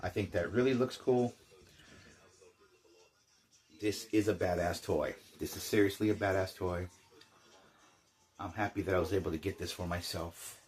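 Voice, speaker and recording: Older man, slightly low voice, rambling casual unboxing chatter with jokes. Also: moderate pace, long pauses, a little mellow. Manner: rambling, chatty, jokey asides. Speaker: toy collector.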